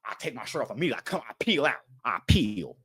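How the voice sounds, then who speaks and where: A man tells a story in a loose, animated way, his pitch leaping up and down as he acts out what was said. He laughs often between lines. The recording is dry and close, with no room sound. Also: fairly quick, slightly rough, no room sound. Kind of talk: casual story time.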